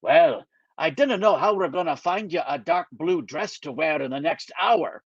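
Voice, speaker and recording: A man voicing a gruff, teasing Scottish émigré with a Scottish accent and a dry, grumbling manner. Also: a little high, animated, normal speed, no echo. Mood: wry. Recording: dull dry lo-fi recording.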